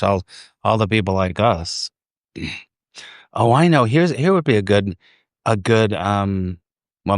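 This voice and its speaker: A man's voice: low voice, dry recording. A man hosting a casual livestream outdoors in a park, rambling, easily distracted and laughing often. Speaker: livestream host. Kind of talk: casual chat. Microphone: phone.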